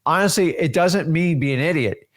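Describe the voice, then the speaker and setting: A man's voice: on the high side, normal speed. A man co-hosting a casual talk, earnest and emphatic, with a preachy motivational manner.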